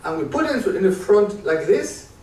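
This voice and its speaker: A man's voice: sits high, big pitch swings, moderate pace, a little mellow. A man giving a live stage talk at a conference, asking the audience questions as he demonstrates his method. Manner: engaged, quizzes the audience with questions. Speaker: conference presenter. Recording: echoey room, distant mic, faint noise.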